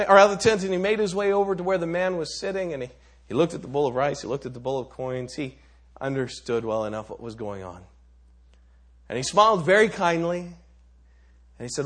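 Husky-voiced man telling a parable. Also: medium pitch, lively intonation, normal speed, fairly bright tone. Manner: dramatic storytelling with stammered restarts. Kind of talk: sermon storytelling.

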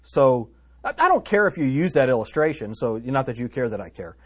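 A man teaching through a Bible passage in a relaxed, chatty way. He reads the verses aloud and breaks off for joking asides. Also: medium pitch, fairly quick. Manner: chatty and joking, laughing at his own asides and reading scripture aloud.

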